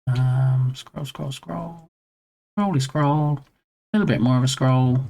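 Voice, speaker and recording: Man, live-stream host, casual chat, playful, laughs often, medium pitch, talks to chat while scrolling. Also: slow pace, long pauses, a little mellow. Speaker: game dev livestream host.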